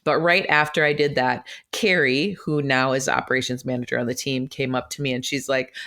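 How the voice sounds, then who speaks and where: A woman's voice: very deep voice, steady tone, fairly quick, few pauses, fairly bright tone. A middle-aged woman hosting a podcast, telling a personal story in a chatty, emotional way, laughing often and acting out her own quoted words, recorded in an office. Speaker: podcast host.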